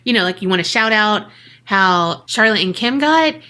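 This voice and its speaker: A female podcast co-host chats casually at a moderate pace, her medium-pitched voice expressive, pushed, and bright. She laughs often and speaks directly to her audience.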